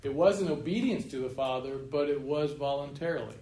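A man's voice: mid-range voice, warm tone. Male pastor preaching, emphatic, chuckles here and there, echoey church with a bit of hiss. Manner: emphatic, slows down to stress key points; chuckles at his own remarks. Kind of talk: sermon. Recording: roomy room echo, faint noise.

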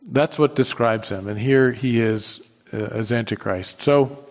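Leading an informal Bible class, a man with a slightly mellow, mid-pitched voice talks at a measured pace, restarting his thoughts frequently and asking his listeners questions as he reasons aloud. The lo-fi recording sounds dull, with lengthy hall reverb trailing each phrase.

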